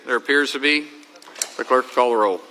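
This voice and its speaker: A man presiding officer makes brisk procedural announcements. His voice is very bright and sharp. He sounds distant in a large echoing chamber with faint clicks. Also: medium pitch, slight background noise.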